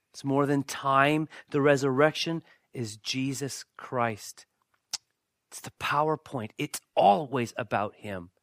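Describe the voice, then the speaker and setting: A male pastor preaching a sermon with jokey asides to the congregation, swinging from loud bursts to hushed, near-whispered lines. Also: mid-range voice, no echo, clean studio sound.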